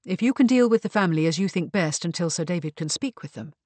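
A woman voicing a composed, grim gentleman who speaks in measured tones, in a storybook reading. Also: lowish voice, animated, dry recording. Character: composed gentleman officer, calm and dry.

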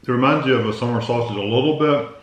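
A man co-reviewing snacks in a relaxed, plain-spoken casual chat. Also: medium pitch, fast talker, dull audio. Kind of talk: casual taste-test chat. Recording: roomy echo, faint noise.

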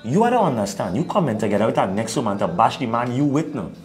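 A man's voice: medium pitch, fast, faint music behind. A man with a Trinidadian accent, co-hosting an opinionated talk show and lecturing his listeners. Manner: animated, preachy, laughs at his own points.

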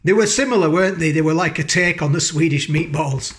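Casual food vlogger, male, slightly high voice, rambling and homely, loves a tag question. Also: brisk, a bit bright. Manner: chatty, rambling, keeps asking tag questions. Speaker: food reviewer. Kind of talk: casual food review vlog. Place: home kitchen, indoors.

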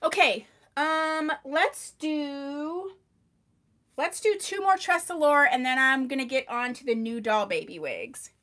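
A woman hosting a live wig sale into a microphone, chatty and gushing over products, often talking loudly and answering viewers by name. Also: sits high, animated, slow. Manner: tends to talk loudly. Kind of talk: live-stream sales chat.

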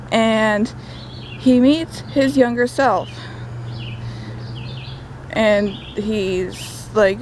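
A woman's voice: fairly high pitch, slight background noise, poor audio. Chatty young woman recapping outdoors. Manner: chatty, sarcastic asides. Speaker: book vlogger. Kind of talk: casual book recap while walking. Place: outdoors in woods.

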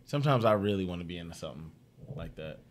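A man co-hosting a podcast in casual chat, laughing often and talking in an animated, profane way. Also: low-pitched, quick pace. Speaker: podcast co-host.

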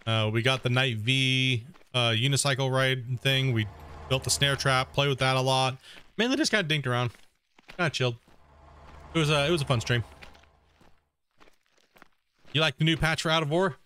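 A man's voice: mid-range voice, normal speed, pauses often, sharp tone, a little hiss or hum. Laid-back man rambling over a game. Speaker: gaming streamer. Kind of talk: casual stream commentary.

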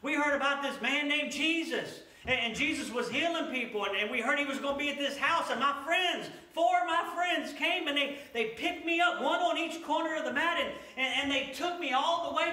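A man doing an eager, excited young man. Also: extremely high pitch, fairly quick, few pauses, echoey room, distant mic, voice pushed up, poor audio. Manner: eager, breathless storytelling.

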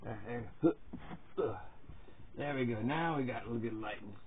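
At home, a man films his dogs and chats with them playfully, teasing them and swearing freely. His medium-pitched voice moves at a normal speed, and the tinny, phone-like recording carries slight background noise.

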